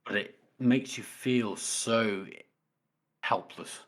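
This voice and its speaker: A man co-hosting a book podcast in casual chat. He is excitable, swears freely and laughs often. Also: on the low side, slow pace. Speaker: podcast co-host.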